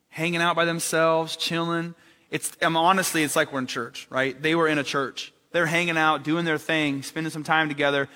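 A man with a fairly high, bright voice delivers a sermon in a relaxed, conversational way. He keeps asking his listeners questions and mixes in light jokes. His voice rings out with a long reverb, as in a large hall. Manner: conversational, asks the congregation rhetorical questions; joking asides with laughter. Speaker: preacher.

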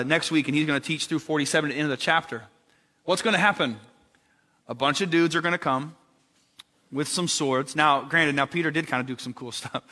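A man with a fairly high, bright voice delivers a sermon in a relaxed, conversational way. He keeps asking his listeners questions and mixes in light jokes. His voice rings out with a long reverb, as in a large hall. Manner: conversational, asks the congregation rhetorical questions; joking asides with laughter. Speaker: preacher.

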